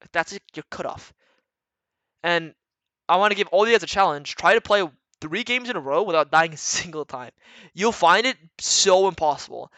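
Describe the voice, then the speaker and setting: Male streamer-coach, sharp bright voice, blunt and rambling, swears freely. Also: high voice, no room sound. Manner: blunt, profane, rambling with restarts. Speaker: retired pro gamer coaching viewers. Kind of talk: casual livestream coaching talk.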